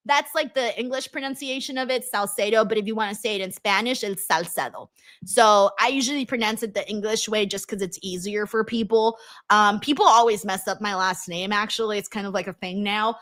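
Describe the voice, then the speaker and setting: A young woman hosting a casual livestream, chatting and reading viewer messages with lots of ums and excited bursts. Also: mid-range voice, brisk. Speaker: wrestling livestream host. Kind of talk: casual livestream chat, reading super chats.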